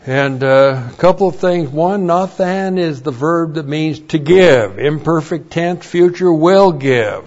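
A man teaching scripture verse by verse, deliberate and careful, spelling out Hebrew words letter by letter. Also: fairly high pitch, darkish tone. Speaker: Bible teacher. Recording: dull lo-fi recording.

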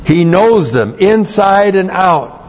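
A man's voice: high-pitched, lively intonation, slow, muffled recording. A man teaching a Bible passage, explaining Greek grammar, stressing and repeating key phrases and spelling out words letter by letter. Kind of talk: expository Bible teaching with Greek word study.

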